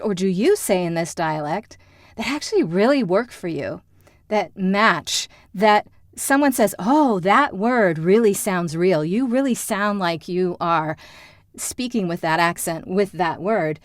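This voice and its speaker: A woman's voice: mid-range voice, a little mellow, no room sound, studio quality. A woman acting coach giving a friendly, explanatory lesson to camera. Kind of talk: instructional talk to camera.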